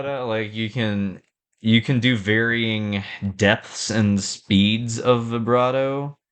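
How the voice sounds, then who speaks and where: Young adult man, low smooth voice, rambling music-feedback talk full of fillers and sung examples. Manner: halting, full of fillers, sings phrases to show them. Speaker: band director reacting to a performance.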